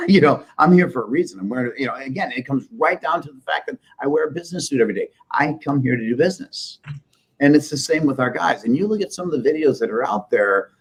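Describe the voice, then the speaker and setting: A man's voice: medium pitch, animated, quick pace, slightly rough, low-quality recording. A man from the Midwest, a business owner being interviewed, telling stories in an emphatic, joking, candid way. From Midwest United States. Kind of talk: casual interview storytelling.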